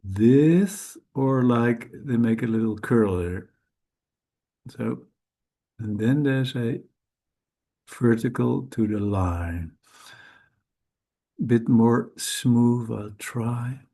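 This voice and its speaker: A man whose first language is Dutch, teaching Sanskrit letters in a slow, careful lesson, hesitant and correcting himself often. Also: medium pitch, warm tone. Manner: hesitant, halting, with frequent self-corrections.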